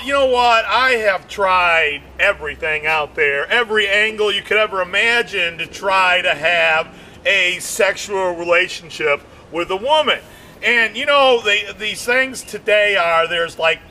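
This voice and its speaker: High-voiced, bright, rambling comic man. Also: slight background noise. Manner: rambling, animated, constant fillers, shouted punchlines. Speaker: stand-up comedian. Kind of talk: stand-up comedy routine.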